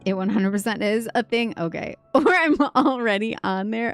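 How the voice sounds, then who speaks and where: Giggly woman streamer with a gravelly voice. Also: on the high side, big pitch swings, normal speed, few pauses, faint music behind. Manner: giggly, chatty, reacting to chat. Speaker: game streamer. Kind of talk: casual livestream chat.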